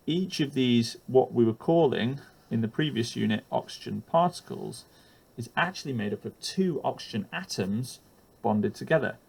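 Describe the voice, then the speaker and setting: Guy, gravelly voice, talks through drawing a chemistry lesson, lots of ums. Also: mid-range voice, animated, moderate pace, darkish tone. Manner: hesitant, lots of ums and uhs, self-deprecating. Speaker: teacher. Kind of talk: teacher-training lesson explaining while drawing.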